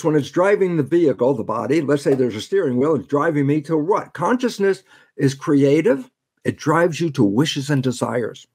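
A man's voice: fairly high pitch, husky. An older man, a podcast guest, giving an emphatic lecture-style explanation and acting out imagined back-and-forth dialogues.

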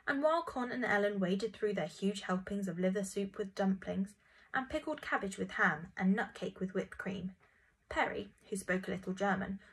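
A woman narrating a children's storybook in a gentle, expressive reading voice. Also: medium pitch, slightly rough, rough recording.

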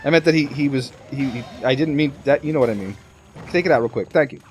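A man giving excitable live commentary over his own gameplay, talking to the game and to his viewers. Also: medium pitch, fast, faint music behind. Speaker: gaming commentator.

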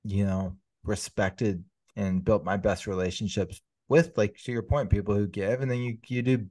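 A man's voice: on the low side, steady tone, moderate pace, darkish tone, dry recording. A man hosting an interview, asking reflective questions with frequent fillers. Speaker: podcast host.

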